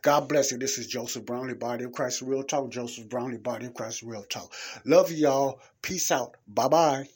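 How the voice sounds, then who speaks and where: A man's voice: medium pitch, moderate pace, a little mellow, husky. A man preaching in an informal podcast monologue, earnest and emphatic, repeating key phrases for stress.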